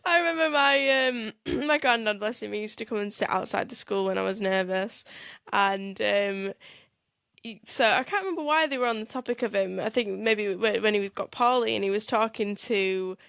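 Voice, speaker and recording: A woman's voice: mid-range voice, moderate pace, vocal fry, fairly bright tone, clean tone, no room sound, studio quality. A young woman, telling family stories in a casual podcast chat and laughing often. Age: young adult. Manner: chatty storyteller, laughs often. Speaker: podcast co-host.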